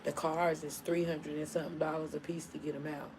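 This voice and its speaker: Animated woman chatting on a live stream. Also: low-pitched, brisk, background noise. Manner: animated storytelling, laughing often. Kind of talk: casual live-stream chat.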